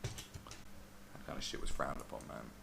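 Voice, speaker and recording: A man hosting a podcast, ranting in casual, profane chat and mimicking other people's voices. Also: a little slow. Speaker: podcast host. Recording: noisy background.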